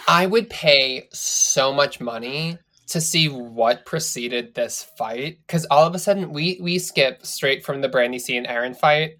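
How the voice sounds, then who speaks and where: A podcast co-host recapping a reality show in casual, animated chat, swearing freely and laughing often. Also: medium pitch.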